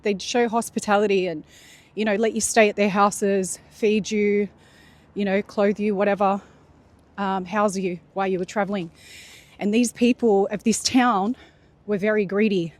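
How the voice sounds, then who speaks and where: A woman casually retelling a religious story in a loose, chatty way, full of fillers and restarts. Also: mid-range voice.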